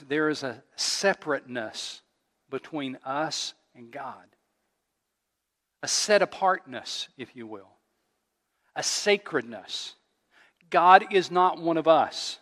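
Male pastor, sermon delivery, higher voice, emphatic with hushed drops, long hall reverb. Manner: emphatic preaching with repetitions and dramatic drops to near whisper.

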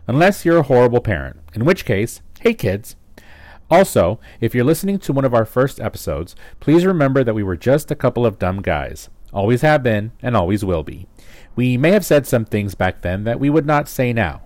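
A man's voice: mid-range voice, a little mellow, no echo. A man reading a scripted podcast disclaimer in a tongue-in-cheek way.

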